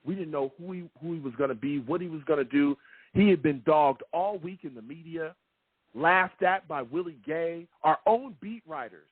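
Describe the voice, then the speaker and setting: A man's voice: on the high side, normal speed, breathy edge, dry recording, phone-quality sound. A man hosting a sports call-in show, ranting in a fired-up, repetitive way. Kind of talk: heated sports call-in talk.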